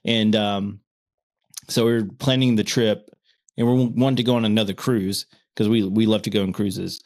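Low-voiced excitable man chatting. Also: moderate pace. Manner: stutters and restarts when excited, laughs often. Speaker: podcast co-host. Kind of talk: casual chat.

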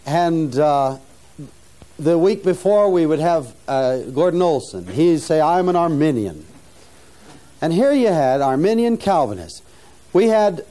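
An older man with a high, mellow voice delivers an earnest, sermon-style teaching talk to his students. As a mission founder, he often restarts phrases and rises in pitch to stress key points, in a preacherly manner.

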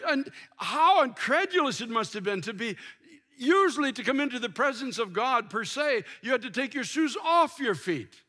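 A man's voice: extremely high pitch, bright, forceful tone. An older man preaching a sermon from a church pulpit, impassioned and full of restarts. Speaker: pastor. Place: large church sanctuary.

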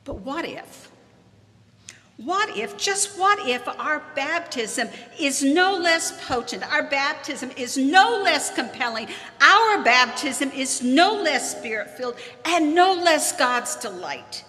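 Expressive woman preaching in a reverberant church. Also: high voice. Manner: measured, expressive preaching with dramatic pauses. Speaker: pastor. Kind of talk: sermon. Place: large church sanctuary.

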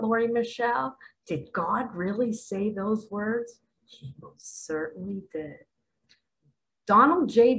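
Slow, bright-voiced preaching woman. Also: medium pitch, rough recording. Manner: dramatic, swings from hushed asides to loud exclamations; asks rhetorical questions. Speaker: self-styled spiritual guide. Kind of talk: preaching monologue to camera.

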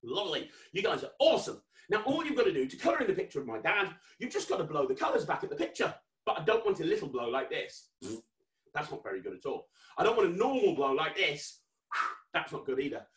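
A man with a British accent hosting an interactive children's magic show over video, playful and mock-stern, building to excited shouts. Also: a little high, fast, reverberant, recorded from a distance. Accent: British English. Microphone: webcam.

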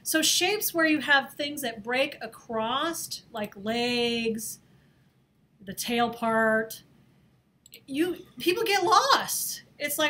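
Chatty, playful woman teaching design software. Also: sits high, animated, drawn-out words. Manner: chatty, playful, laughs at herself, talks while drawing. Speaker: design instructor. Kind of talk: screen-recorded software tutorial. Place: office or classroom.

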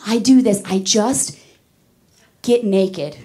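A woman's voice: mid-range voice, normal speed. A woman in her thirties doing a stand-up comedy set, brash and profane, telling stories with big energy. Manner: brash, profane, animated storytelling. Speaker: stand-up comic. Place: comedy club stage.

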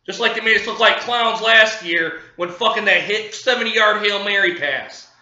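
A man's voice: high voice, moderate pace, pushed and bright, echoey room, dull audio. A man ranting angrily about his football team, cursing and repeating himself, livid. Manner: profane, furious, repeating himself. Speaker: sports fan vlogger. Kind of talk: angry fan rant.

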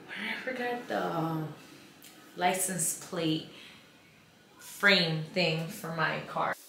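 A woman's voice: lowish voice, fairly even intonation, slow, vocal fry, pauses often, a bit bright, a little hiss or hum. A woman in her twenties, a mom vlogging in a casual, candid, chatty way and swearing freely. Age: 20s. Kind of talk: casual vlog chat.

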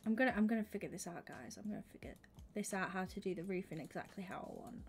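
A young woman livestreaming a game, chatting with her viewers and thinking out loud, often slipping into a whisper. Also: medium pitch, quick pace, a little hiss or hum. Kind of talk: casual gaming stream chat.

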